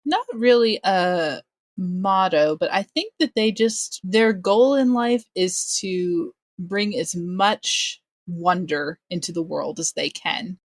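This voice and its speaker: A woman game master speaks slowly in a lowish voice as a podcast guest, keeping the interview casual and chatty. She laughs often and pokes fun at herself, and the recording is dry.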